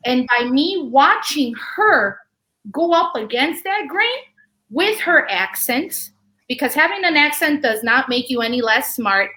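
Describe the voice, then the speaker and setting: Bright, earnest woman on a video call. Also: sits high, lively intonation, a little slow. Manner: earnest, passionate storytelling. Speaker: panel guest speaker. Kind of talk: casual panel talk.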